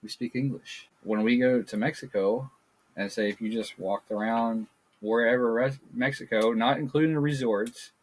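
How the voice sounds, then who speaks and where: Blunt ranting husky man. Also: mid-range voice, steady tone, normal speed. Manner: blunt, ranting, swears freely. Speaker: podcast co-host. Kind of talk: casual podcast chat. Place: backyard. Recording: poor audio.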